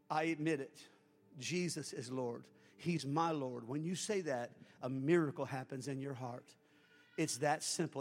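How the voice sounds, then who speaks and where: A pastor delivering a sermon and leading the congregation line by line in a prayer, moving between loud exhortation and quiet pleading. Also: male voice, a little high, long reverb tail. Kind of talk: sermon with altar-call prayer.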